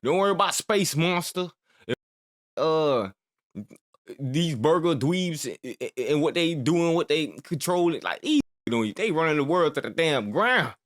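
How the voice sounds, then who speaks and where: High-voiced man ranting in a reaction video. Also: measured pace. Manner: ranting, calls listener "gang" and "boy" again and again; animated, mock-scolding. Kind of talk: casual reaction commentary.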